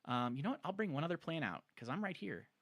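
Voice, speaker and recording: A man's voice: on the high side, big pitch swings, fast talker, a bit bright. A man chatting casually on a live stream, rambling and enthusiastic, with lots of fillers. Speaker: streamer showing his plant collection.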